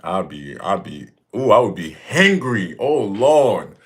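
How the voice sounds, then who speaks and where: A man's voice: on the low side, very animated, slow pace, a bit bright. A man in his thirties hosting a casual livestream Q&A, talking emphatically and repeating himself, breaking into jokes. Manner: emphatic, repetitive, joking, with bursts of mock voices. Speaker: fitness streamer answering viewer questions.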